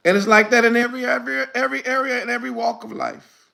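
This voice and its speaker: Fiery male preacher, high gravelly voice, emphatic and repetitive, drops to a mutter then shouts. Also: fairly even intonation, fast talker. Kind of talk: fiery sermon.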